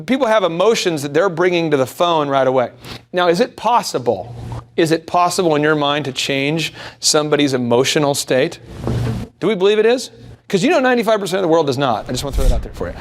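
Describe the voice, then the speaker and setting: A man hosting a business workshop, giving an animated motivational sales lecture to a live audience, peppered with rhetorical questions and self-deprecating jokes. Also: on the high side, fast.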